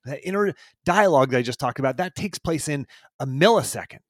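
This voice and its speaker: A man, a performance coach, giving a solo motivational podcast talk in an energetic, emphatic way, repeating key phrases. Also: medium pitch, a little fast, dry recording, clean studio sound.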